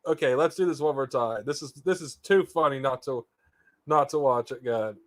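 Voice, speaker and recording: A man's voice: mid-range voice, moderate pace. A man streaming casually, profane and incredulous as he reacts to a clip. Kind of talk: casual live stream chat.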